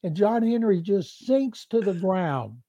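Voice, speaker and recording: A man co-hosting a sports podcast tells a long anecdote with gusto, slipping into other people's voices as he goes. His voice sits a little high. The sound is dry and a bit muffled. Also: measured pace, dry recording. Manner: animated storyteller, mimics voices in quotes. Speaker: beat reporter and co-host.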